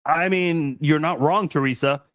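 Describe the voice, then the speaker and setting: A man's voice: on the high side, a little slow, a bit bright, dry recording. A man hosting a casual live-stream chat, reading viewers' comments in a rambling, laid-back way with frequent laughs, fillers and restarts.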